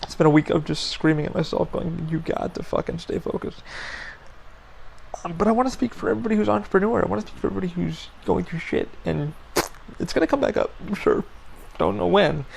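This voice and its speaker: A man with a heavily gravelly, fry-laden voice talks bluntly on his podcast. His pitch sits a little high for a man, and he speaks with unfiltered frankness, swearing freely as he vents. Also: quick pace, slight background noise, low-quality recording. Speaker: podcast host. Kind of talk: casual venting monologue.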